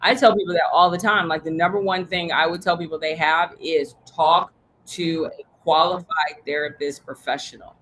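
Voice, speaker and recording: A woman coaching a group in an animated, emphatic, blunt way, with the odd curse. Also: deep voice, normal speed, a little hiss or hum, poor audio. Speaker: sales coach. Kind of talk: coaching talk.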